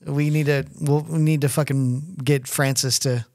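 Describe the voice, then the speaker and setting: A middle-aged man co-hosting a casual podcast, swearing freely and telling animated stories. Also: fairly high pitch, moderate pace, gravelly. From United States. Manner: crude, swears a lot, animated storyteller. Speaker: podcast co-host. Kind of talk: casual chat.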